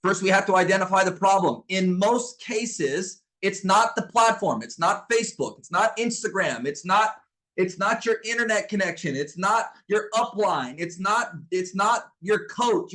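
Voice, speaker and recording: A man's voice: sits high, normal speed, low-quality recording. A middle-aged man coaching a live online masterclass, blunt and emphatic, calling on viewers to answer back like a preacher. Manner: energetic, preacher-like call-and-response; blunt and emphatic, repeats himself. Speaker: business coach.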